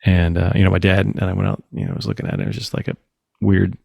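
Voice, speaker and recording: Gravelly low-voiced man telling stories. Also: fast talker, no room sound. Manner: animated storyteller, acts out quotes, swears casually. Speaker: podcast host. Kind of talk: casual chat.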